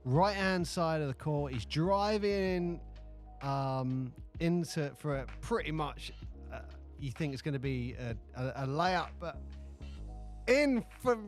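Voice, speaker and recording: Guy rambling on a podcast, kinda high voice, lively, some music low behind. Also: slow pace. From United Kingdom. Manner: rambling, animated storytelling with restarts. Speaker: podcast co-host. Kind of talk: casual chat.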